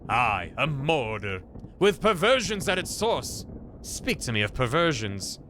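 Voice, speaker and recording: A man's voice: mid-range voice, very animated, unhurried, bright, forceful tone, a little hiss or hum. A man voicing a stern male woodcutter in a game, speaking in solemn mock-archaic phrasing. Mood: grave.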